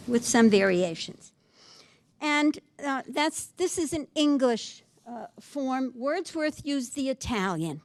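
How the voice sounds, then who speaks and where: A woman giving a poetry lecture in a library, reading verses slowly and then explaining them in a chatty way. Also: high-pitched, expressive, darkish tone. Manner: reads verse slowly, then chats about it.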